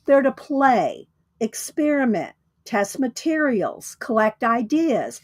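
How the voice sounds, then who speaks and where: A woman hosts a casual livestream, chatting with viewers and laughing often. Her voice sits a little high. The sound is close and dry, with no room echo. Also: sing-song, slow. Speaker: livestream host.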